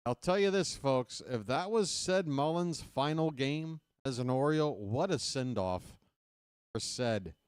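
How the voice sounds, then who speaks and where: A man's voice: mid-range voice, lively intonation, unhurried, a little mellow, clear, resonant tone, dry recording, clean studio sound. A man hosting a baseball play-by-play livestream, chatting casually with viewers after the game and calling them folks. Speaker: play-by-play host.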